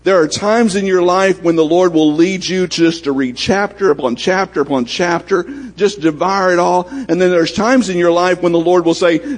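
A man's voice: high voice, normal speed, hardly any pauses. A man preaching a sermon in a folksy, conversational way, acting out little bits of dialogue as he goes. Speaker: pastor.

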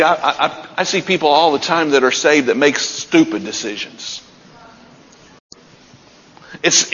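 A man's voice: a little high, fairly bright tone. A man preaching a sermon, retelling scripture stories with building intensity. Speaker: pastor. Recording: dull sound with long hall reverb.

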